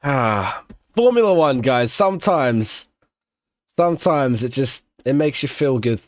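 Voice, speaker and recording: A man hosting a live race watch-along, reacting with loose, slangy excitement and wrapping up the coverage. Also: mid-range voice, slow pace, no room sound, studio quality. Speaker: host.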